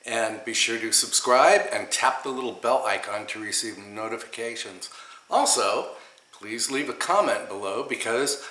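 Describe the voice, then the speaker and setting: Bright-voiced man hosting a cooking show. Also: mid-range voice, moderate pace, roomy sound. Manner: chatty, enthusiastic, talks through each step. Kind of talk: home cooking demonstration. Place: home kitchen.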